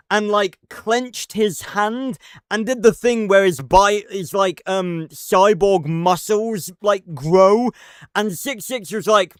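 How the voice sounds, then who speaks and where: Slow, smooth-voiced male streamer. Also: sits high, dry recording, clean studio sound. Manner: rambling, profane, many fillers and restarts. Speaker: livestreamer. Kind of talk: casual live-stream commentary.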